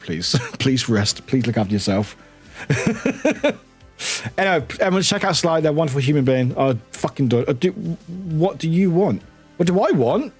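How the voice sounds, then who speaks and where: Man from the UK, casual stream chat, animated up-and-down delivery, husky tone, faint music behind. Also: a little high. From United Kingdom. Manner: laughing, swearing, reading chat aloud. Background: faint background music.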